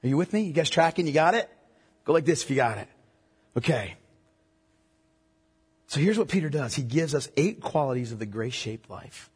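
A man's voice: fairly high pitch, lively intonation, moderate pace, pauses often, a little mellow, slightly rough, long reverb tail. A male pastor preaching a sermon, emphatic and checking in with the congregation through repeated questions.

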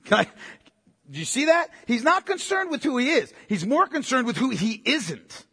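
High-voiced man preaching in echoing hall. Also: moderate pace, husky. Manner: animated, conversational preaching with direct questions to listeners. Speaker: pastor. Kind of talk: sermon.

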